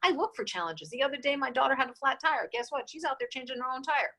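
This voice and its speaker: A woman in her sixties, a guest in an interview, tells her stories with great animation and slips into the voices of the people she quotes. Her voice sits fairly high, with a bright, forceful edge. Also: fast talker, poor audio. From New York State. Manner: animated storyteller who acts out quoted dialogue. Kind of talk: casual storytelling interview.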